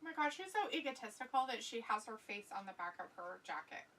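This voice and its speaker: A woman with a bright, fairly high voice co-hosts a relaxed live stream. She reads viewer comments aloud in a chatty way and laughs often. Her voice sits a little back from the microphone. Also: fast. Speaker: co-host of a wrestling watch-along stream. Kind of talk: casual live-stream chat. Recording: voice somewhat far from the mic.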